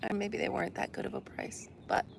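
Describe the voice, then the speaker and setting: Woman host, casual chatty livestream, gravelly voice, faint outdoor hush behind her. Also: mid-range voice, very animated, fairly quick, background noise. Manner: chatty, rambling, laughs often. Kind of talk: casual chat with viewers. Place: outdoor deck with a swing.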